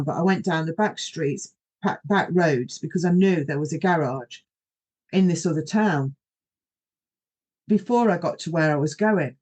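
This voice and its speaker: A woman's voice: on the low side, darkish tone. A middle-aged woman, hosting a podcast and telling a personal story in a rambling, anecdotal way, often quoting herself. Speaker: podcast host.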